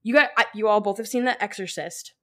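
Woman, podcast co-host, casual chat, rambling, excitable, lots of "like". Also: medium pitch, quick pace. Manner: rambling, fills with "like"; excitable, laughs often.

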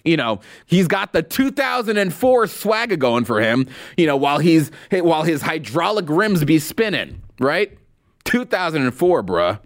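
A male show host delivering opinion commentary in a sarcastic, mocking tone. His pitch sits a little high and swings widely as he reacts with disbelief. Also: very animated, moderate pace, few pauses.

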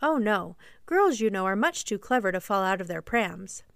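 A woman's voice: medium pitch, lively intonation, moderate pace, gravelly, fairly bright tone, dry recording, clean studio sound. A woman voicing an eager, boastful young boy who refuses to grow up, in a storybook reading. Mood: cocky.

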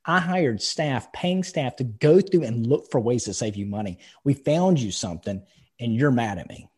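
A man's voice: mid-range voice, moderate pace, husky. A man co-hosting a podcast, talking bluntly and with animation in casual chat. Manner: blunt and animated, telling stories with quoted speech. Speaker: podcast co-host.

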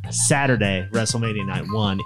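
A man with a lowish voice chatting casually as a podcast co-host. He talks eagerly, ticking items off a list one by one. Music plays clearly behind him. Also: normal speed. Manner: enthusiastic, listing things off. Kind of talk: casual chat.

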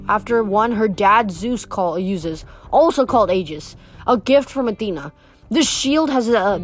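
A woman reading a novel aloud in steady first-person storytelling, with occasional stumbles and rereads. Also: medium pitch. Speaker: reader.

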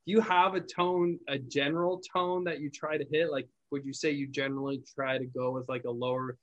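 A man hosts a casual podcast conversation about phone sales. He talks in a loose, explanatory way and often circles back to restart his sentences. His voice sits at an ordinary middle pitch. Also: fairly quick, dull audio. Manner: relaxed, explanatory, repeats and restarts words. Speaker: podcast host, call center owner.

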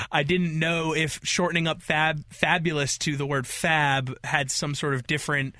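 A man's voice: a little high, little pitch movement, a little slow, pauses often, bright, forceful tone, no room sound. A man co-hosting a podcast in a studio, talking casually, rambling a bit and getting choked up. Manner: rambling, chokes up and gets emotional. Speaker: podcast co-host.

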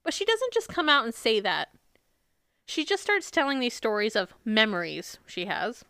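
A woman's voice: fairly high pitch, very animated, moderate pace, pushed and bright, clear, resonant tone, no room sound, clean studio sound. A woman co-hosting a podcast in casual chat, sarcastic and swearing often as she retells a book. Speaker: podcast co-host.

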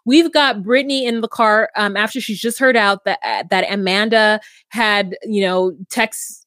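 A woman co-hosting a podcast, recapping a reality show in a sassy, animated way and acting out quotes. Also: medium pitch, normal speed, no echo, studio quality. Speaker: podcast co-host. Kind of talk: casual recap chat.

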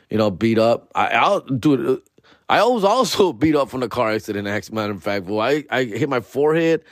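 A man's voice: mid-range voice, no echo. Profane man, dry sound. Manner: profane slang-heavy storytelling mixed with Spanish. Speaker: podcast host. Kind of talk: casual storytelling.

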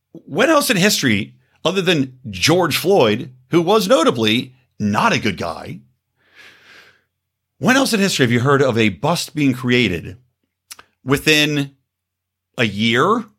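A man's voice: a little high, fairly bright tone, breathy edge. A male podcast host with a scratchy throat, ranting in angry, profane, sarcastic political commentary.

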